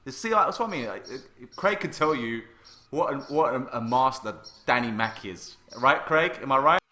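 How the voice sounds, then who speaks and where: A man hosting a casual art livestream, chatty and excitable, reading viewer messages aloud. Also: medium pitch, moderate pace, roomy sound. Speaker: livestream host and artist.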